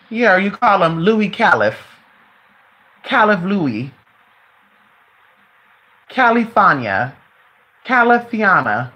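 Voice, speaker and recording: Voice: mid-range voice, sing-song, slow, pauses often, bright, forceful tone. A host chatting casually at home with viewers, calling everyone "honey" and talking to their dog between remarks. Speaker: live-stream host.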